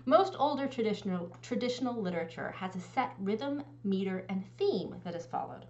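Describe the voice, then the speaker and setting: A woman instructor giving a recorded lecture with a clear, explanatory teaching manner. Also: medium pitch, expressive, fairly quick, few pauses, a little mellow, muffled recording.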